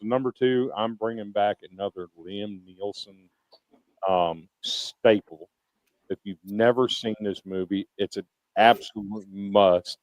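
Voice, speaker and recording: A man's voice: lowish voice, steady tone, unhurried, poor audio. A man in his fifties co-hosting a casual podcast, recommending films with earnest emphasis. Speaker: podcast co-host.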